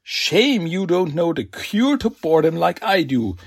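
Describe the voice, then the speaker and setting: A man's voice: fairly high pitch, sing-song, a little slow, creaky, slightly rough, no room sound, studio quality, heavily acted. A man doing a smug, clever teen turtle. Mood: sly. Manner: sly, teasing. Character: clever, smug teenage boy turtle hero.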